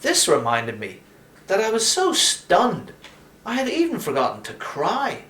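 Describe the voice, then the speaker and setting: A man reading a first-person story aloud, wry and animated. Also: sits high, a little slow. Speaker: reader. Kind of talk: storytelling narration. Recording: roomy echo.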